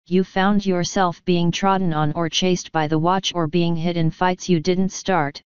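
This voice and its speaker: A woman reading a comic fantasy audiobook in a steady, wry storytelling manner. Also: fairly low pitch, clear, resonant tone, no echo, lo-fi sound. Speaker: audiobook reader. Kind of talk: audiobook narration.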